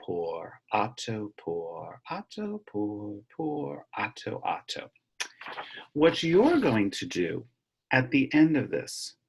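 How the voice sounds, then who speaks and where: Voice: low voice, creaky, background noise. An elementary music teacher reading a picture book aloud in an online lesson and chanting a clapped rhythm.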